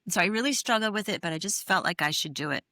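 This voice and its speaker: A woman's voice: mid-range voice, expressive, racing, sharp tone, no echo, studio quality. A middle-aged woman, an interview guest, telling a personal story in an earnest, candid way with many fillers. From New England. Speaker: interview guest, therapist and author.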